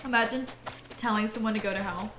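A woman's voice: medium pitch, fairly even intonation, quick pace. A woman streaming a game, chatting casually and giggling often, sounding tired and yawning. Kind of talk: casual chat while playing a game. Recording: roomy echo with soft music.

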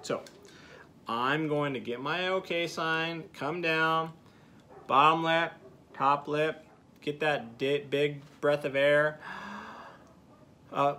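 A man's voice: fairly high pitch, fairly even intonation, slow pace, pauses often, pushed and bright, slight background noise. A man teaching beginners to use a duck call, coaching step by step with frequent "okay" check-ins. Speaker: duck calling instructor. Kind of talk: hands-on teaching demonstration.

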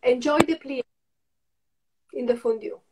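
A woman's voice: high-pitched, unhurried, noisy background. A woman teaching a ballet class, calling out counts and steps in short phrases. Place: dance studio. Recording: roomy studio, far from the mic, music behind.

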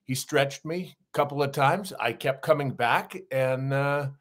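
Middle-aged male guest, mid-pitched, spins animated anecdotes. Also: unhurried. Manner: animated anecdotes with acted-out quotes and laughs. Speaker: guest, actor and former wrestler. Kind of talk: casual storytelling interview.

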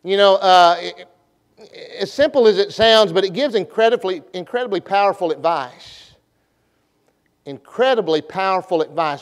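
A revival meeting fills the church sanctuary as a middle-aged pastor preaches at a moderate pace. His voice sits high and is expressive, and his folksy, repetitive delivery invites the congregation to call and respond.

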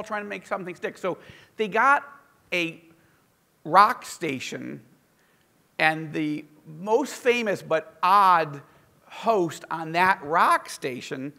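An American man, an author, telling a story in casual talk, animated and self-deprecating. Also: sits high, slow, vocal fry. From United States. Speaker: author and podcast guest.

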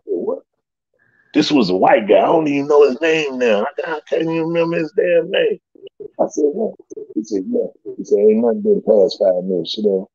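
Animated storytelling man, gravelly voice. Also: dry recording, lo-fi sound. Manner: animated, loose slangy storytelling with big pitch jumps and laughs. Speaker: guest storyteller. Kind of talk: casual storytelling.

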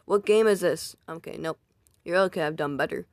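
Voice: mid-range voice, a little fast, gravelly, no room sound, studio quality. A YouTuber casually reading viewer comments aloud, rambling and poking fun at their own old videos. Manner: self-deprecating, rambling, reacts aloud.

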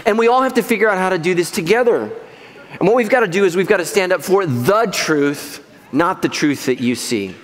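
A man's voice: sits high, animated, a little fast, long reverb tail. A middle-aged male pastor preaching a sermon in a church, conversational and joking, laughing at his own jokes. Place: church auditorium.

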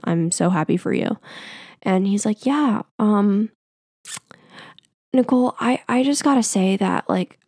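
A woman's voice: medium pitch, darkish tone, no echo, clean studio sound. Chatty young woman telling a story. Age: 20s. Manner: chatty, rambling, quotes people in a raised voice. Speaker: podcast host. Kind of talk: casual storytelling.

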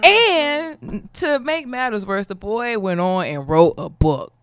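A woman co-hosting a podcast, teasing and excitable, jumping in with quick remarks. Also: mid-range voice, clean tone, dry recording, studio quality. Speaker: podcast co-host. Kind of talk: casual podcast chat.

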